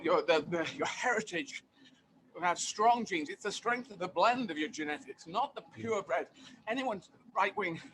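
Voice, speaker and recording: A man being interviewed as a guest comedian, talking in an animated, emphatic way and repeating phrases for effect. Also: high voice, a little hiss or hum. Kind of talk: casual interview chat.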